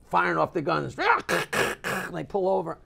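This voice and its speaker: An older man, a comedian, telling stories and jokes as a talk show guest in an animated way. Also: high voice, a little slow, vocal fry, breathy edge. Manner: animated joke teller with big swings. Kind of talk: storytelling in a live talk show.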